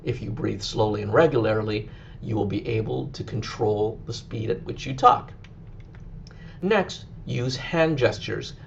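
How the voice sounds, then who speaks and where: A man teaching a recorded lesson, explaining things clearly and slowing down now and then to demonstrate. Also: medium pitch, dull audio, slight background noise. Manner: clear, instructive, with occasional slow deliberate demonstrations.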